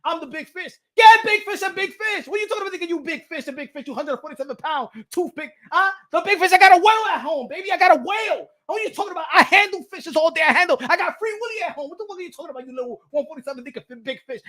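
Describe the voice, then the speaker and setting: A man putting on a brash male boxer who loudly taunts a smaller rival. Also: extremely high pitch, animated, fast. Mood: mocking. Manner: loud, taunting, shouting.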